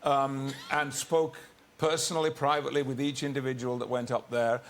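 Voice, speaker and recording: A man, a talk show guest, speaking earnestly and haltingly in casual chat. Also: mid-range voice, level tone.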